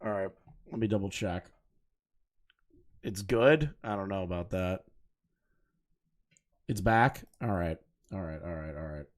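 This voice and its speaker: A man's voice: sits low, measured pace, pauses often. A man doing casual live commentary on clips, talking in a heated, profane and mocking way. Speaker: commentary streamer.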